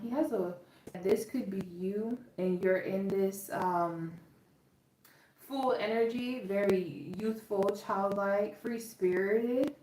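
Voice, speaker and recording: A woman with a Southern drawl talks her viewers through a tarot reading, chatty and emphatic. Her voice sits at an ordinary middle pitch. She sounds set back from the mic in an echoing room, with faint noise underneath. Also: dark tone. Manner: chatty, emphatic, checks in with "okay?" often. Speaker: tarot reader. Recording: roomy echo, distant from the mic.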